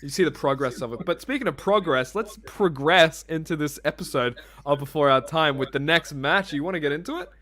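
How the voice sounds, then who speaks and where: A man's voice: on the high side, brisk, few pauses, sharp tone. Rambling, cursing male podcast co-host. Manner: rambling, swears freely, laughs at himself. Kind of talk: casual chat.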